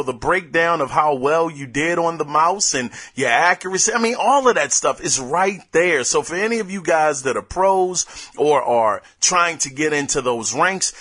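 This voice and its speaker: A young adult man hosting a casual gaming news podcast, rambling and excitable as he talks off the cuff. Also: a little high. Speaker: podcast host.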